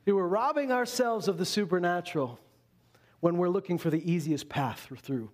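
A male pastor delivering a conversational sermon to a congregation, animated and full of quick asides. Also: high voice.

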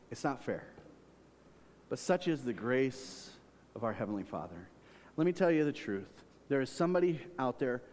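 A man preaching a sermon, swinging between loud, high emphasis and quiet, low asides. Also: in a large hall. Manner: preaching with big swings in volume and pitch. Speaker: pastor.

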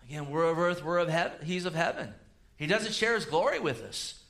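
A man preaching a sermon, swinging between loud emphatic rises and low quiet asides. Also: expressive, fairly quick, creaky. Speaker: pastor.

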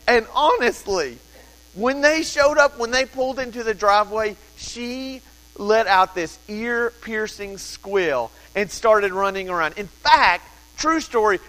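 A man's voice: extremely high pitch, sharp tone, long reverb tail, rough recording. A man in his thirties, a pastor telling a family story in a sermon, then preaching in an earnest, urgent way.

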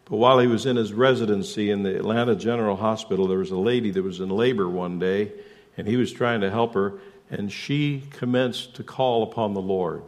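A man preaching a sermon as pastor, emphatic, asking rhetorical questions and shifting suddenly between loud and soft. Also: fairly low pitch, a little fast.

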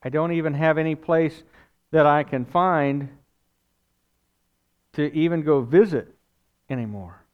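A male preacher briefly takes on a woman weeping over a loss, speaking softly and lower than his usual voice. It stays close to his own resonant sound, heard in a slightly muffled sermon recording. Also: measured pace, pauses often, clean tone, close to an everyday voice. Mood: grieving. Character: grieving young woman in tears.

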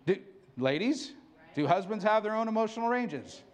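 Animated high-voiced man preaching. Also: normal speed. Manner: animated, candid and self-mocking, laughing often. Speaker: pastor. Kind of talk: sermon.

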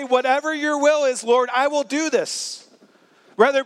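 A man's voice: sits high, fairly bright tone, big-room sound. A male pastor preaching a sermon earnestly, acting out quoted lines.

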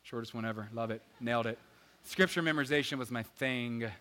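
A man preaching a sermon as pastor, energetic and joking, swinging between loud emphasis and quiet asides. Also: medium pitch, brisk. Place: church sanctuary. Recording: church hall reverb with faint guitar.

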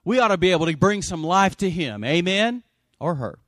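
A middle-aged man preaching a sermon as pastor, conversational, swinging between loud emphasis and quiet asides and calling for amens. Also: high-pitched, expressive, brisk, no room sound, studio quality. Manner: asks the congregation for amens.

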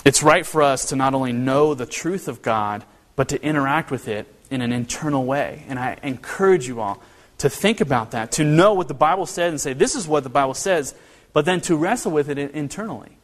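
A man preaching a sermon in a church, earnest and animated, often restarting his phrases. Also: fairly high pitch, brisk, long reverb tail. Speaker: pastor.

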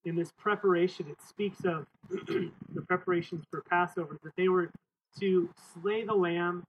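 Outdoors in the wind, a middle-aged male pastor preaches emphatically in a high, steady voice at a moderate pace, repeating phrases and calling on the church for amens. The sound is tinny and phone-like, with wind noise.

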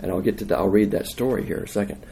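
A man's voice: lowish voice, racing, mellow, a little hiss or hum. A man preaching a sermon in a conversational, emphatic way, asking the listeners questions. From United States.

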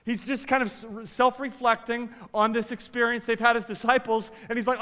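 Man, pastor's sermon, high voice, swings loud and quiet, echoing church hall. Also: level tone, a little fast, few pauses, smooth. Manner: dramatic swings from loud exclamations to quiet asides.

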